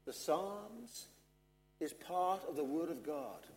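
Earnest preacher in a hall. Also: male voice, a little high, expressive, darkish tone. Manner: earnest, measured, with emphatic repetition. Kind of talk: sermon. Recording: long hall reverb.

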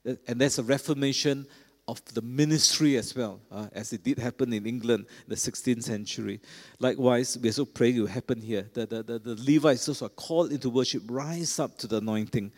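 A man preaching a sermon in a cathedral, earnest, often pausing with fillers and restarting his phrases. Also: medium pitch. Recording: long hall reverb.

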